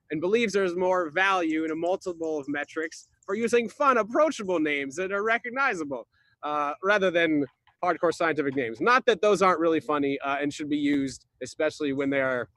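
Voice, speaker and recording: A man's voice: on the high side, a bit bright, dry recording, clean studio sound, natural voice. A man playing Greg, a goofy drywall installer, rambling and confused through an improvised comic slideshow on a video call. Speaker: presenter in a slideshow game.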